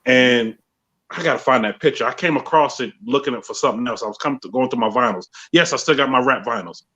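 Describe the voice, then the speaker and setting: A relaxed man chats on a podcast in a voice of middling pitch. His sound is dull and lo-fi. He tells his stories in a laid-back way. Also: fast, husky. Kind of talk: casual podcast chat.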